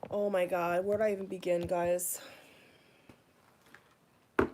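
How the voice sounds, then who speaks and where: A woman's voice: fairly low pitch, level tone, a little fast, dark tone, a little hiss or hum. A woman vlogging into her phone in her kitchen, upset and agitated, repeating herself and swearing as she talks to her viewers. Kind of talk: casual vlog rant. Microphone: phone camera.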